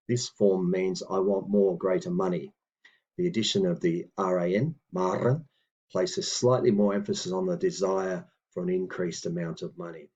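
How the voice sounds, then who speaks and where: A man teaching a lesson, reading out phrases slowly and deliberately, with hesitant fillers between explanations. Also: low voice, darkish tone, breathy edge, lo-fi sound. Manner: slow and deliberate on old words, with hesitant fillers. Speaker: language teacher. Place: room with books on a table.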